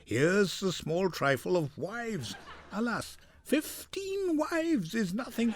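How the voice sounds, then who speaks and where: A man's voice: very high-pitched, noisy background, voice pushed up, full character voice. A man playing a giddy clownish servant lad. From India. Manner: chuckling, sing-song Shakespearean clowning. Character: clownish young male servant, giddy and joking. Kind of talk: dramatic reading.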